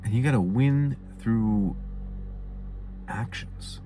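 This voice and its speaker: A man's voice: sits low, expressive, a little slow, creaky, darkish tone, a little hiss or hum. A young man hosting his own show, musing in a laid-back, rambling way. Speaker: host. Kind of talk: casual monologue.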